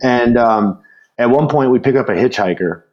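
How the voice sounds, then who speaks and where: A man's voice: mid-range voice, normal speed, highs cut off. A man hosting a podcast in casual chat, telling rambling stories with many restarts and chuckles. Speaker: podcast host.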